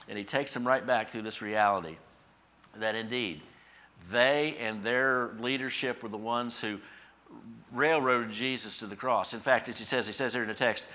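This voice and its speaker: Bright-voiced impassioned male pastor. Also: mid-range voice, fairly even intonation, normal speed. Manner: impassioned, rising to emphatic peaks then dropping soft. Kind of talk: sermon. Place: church.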